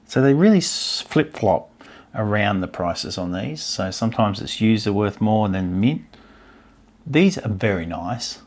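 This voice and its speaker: Man, low voice, gravelly, casual stamp collecting chat, thinks out loud. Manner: chatty, musing aloud, easily delighted. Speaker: stamp collecting channel host. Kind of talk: casual chat while browsing an album.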